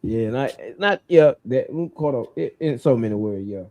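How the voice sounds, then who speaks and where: A man's voice: medium pitch, expressive, moderate pace, a little mellow. A man as a guest in a casual conversation, talking loosely and trailing off while he searches for the right words.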